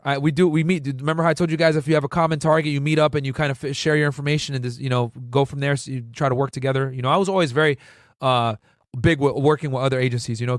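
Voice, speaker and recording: A Connecticut man in his thirties, once a federal agent, tells stories to viewers in a loose, rambling way, slangy and profane, constantly saying "bro" and "right?" and often restarting. His medium-pitched voice is studio quality with no room sound.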